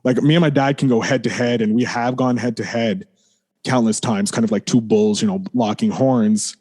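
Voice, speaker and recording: A man with a mid-range, slightly mellow voice speaks at a normal speed and steady tone as a podcast guest. He tells a candid personal story in a rambling way, leaning on "like" and restarts, and apologizes for swearing.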